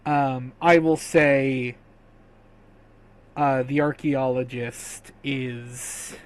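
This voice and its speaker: Slow, soft-spoken male game master. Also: mid-range voice, fairly even intonation, low-quality recording. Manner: slow, soft narration with quick asides. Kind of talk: narrating a tabletop game.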